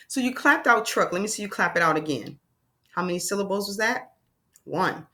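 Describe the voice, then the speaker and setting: A woman's voice: lowish voice, lively intonation, moderate pace, long pauses, sharp tone. A woman teaching a children's phonics lesson, sounding out words and asking encouraging questions.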